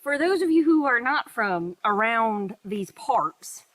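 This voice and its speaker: Bright-voiced joking woman. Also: fairly high pitch, lively intonation, slow pace. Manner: joking asides, laughs often. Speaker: podcast co-host. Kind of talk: casual chat.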